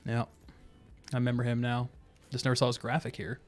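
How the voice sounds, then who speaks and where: A young male streamer rambles laid-back commentary while playing a video game, often laughing to himself and drifting into asides. His mid-range voice is monotone and a little fast, with soft music in the background.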